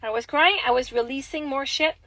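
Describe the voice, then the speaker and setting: A young adult woman from Quebec, a mother with a Québécois French accent, chats candidly and brisk-paced on her phone livestream, rambling and swearing freely. Her voice sits high with a fairly bright tone, in a dry, rough recording.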